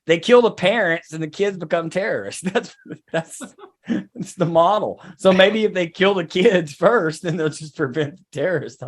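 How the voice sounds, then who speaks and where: A man's voice: sits high, moderate pace. A man co-hosting a comedy podcast, boisterous and crude, laughing often. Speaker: podcast co-host.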